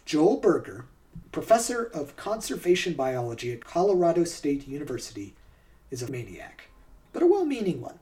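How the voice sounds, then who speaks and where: A man's voice: on the high side, huge pitch swings, moderate pace, dark tone. A man hosting a podcast, reading out trivia facts in a quiz game and then chatting casually about the answers. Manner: reads facts aloud, then chats casually. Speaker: podcast host.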